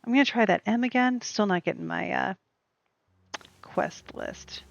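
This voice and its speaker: A woman's voice: medium pitch, a little slow, gravelly. A woman streaming a cozy game, chatting in a rambling, casual way and talking back to the characters on screen. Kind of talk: casual gameplay chat. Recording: dull lo-fi stream audio with faint game music.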